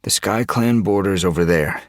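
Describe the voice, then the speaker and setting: A man's voice: low-pitched, normal speed, dry recording, clean studio sound, pitched above the performer's own voice. A man reading an audiobook, voicing a young male warrior cat who is anxious and guilty, in an earnest, worried way.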